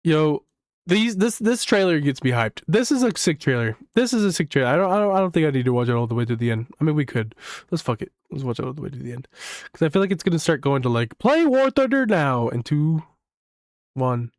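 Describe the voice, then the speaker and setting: A young man reacting to videos in a casual, rambling way, his pitch swinging up and down as he gets hyped. He swears freely and fills his talk with "like." His voice sits a little higher than most men's and sounds dry and close to the mic. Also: quick pace, no echo. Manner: excitable, swears, rambles with lots of "like". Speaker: gaming YouTuber.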